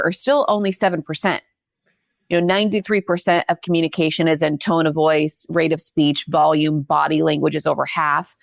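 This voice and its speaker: An earnest woman explaining how leaders should communicate. Her voice sits low and has a gravelly edge. It is recorded dry, with no room sound. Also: no echo. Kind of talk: advice-giving leadership talk.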